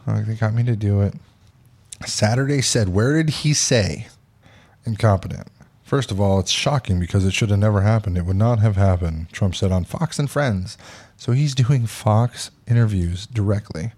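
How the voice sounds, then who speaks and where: Man, podcast host, casual chat, blunt and opinionated, swears, low voice, warm dark tone. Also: normal speed, slightly rough. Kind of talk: casual chat reading news aloud.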